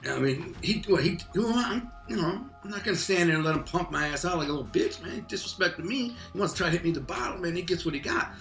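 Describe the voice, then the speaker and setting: A man telling a rough street story in casual talk, animated and streetwise, acting out voices and sound effects. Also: high voice, fast talker, few pauses, reverberant, soft background music.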